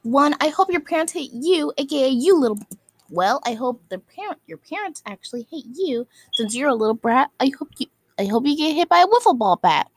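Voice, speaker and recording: A woman's voice: high voice, animated, brisk, no echo. A woman delivering an angry, scolding rant at other video makers, insulting them and circling back to the same phrases. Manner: scolding, insulting, repeats itself.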